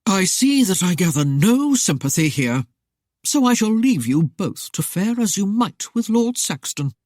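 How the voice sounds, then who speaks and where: A woman's voice: mid-range voice, sing-song, measured pace, darkish tone, no room sound, clean studio sound, voice pushed up. A woman voicing a proud young sea captain who speaks stiffly and indignantly in an argument.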